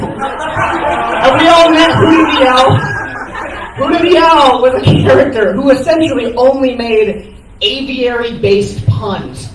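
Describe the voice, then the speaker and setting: A man who is a stand-up comedian, giving an animated, profane comic eulogy on a cafe stage, laughing as he tells it. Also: very high-pitched, a little slow. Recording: echoey room from far off, noisy.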